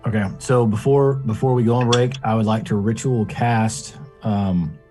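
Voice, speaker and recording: A man's voice: on the low side, fairly even intonation, normal speed, darkish tone, soft background music. A man playing a tabletop game, careful and stammering over his words. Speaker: player.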